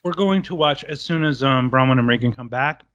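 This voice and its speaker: A man's voice: mid-range voice, fairly quick, highs cut off. A man co-hosting a casual film podcast, retelling scenes and acting out lines with gusto. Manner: animated, acts out movie lines. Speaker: podcast co-host.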